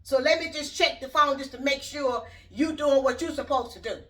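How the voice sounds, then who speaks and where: A middle-aged YouTube host delivers a casual opinion vlog on her own channel, rambling and speaking bluntly right at her viewers. Her high voice moves at a moderate pace, sounding pushed and bright, and the mic is distant.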